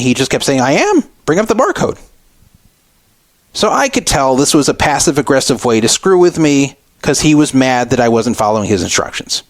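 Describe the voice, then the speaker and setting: A man's voice: medium pitch, dry recording. A middle-aged man hosting a radio show, recounting a frustrating store encounter in an aggrieved storytelling monologue. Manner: aggrieved, re-enacting arguments.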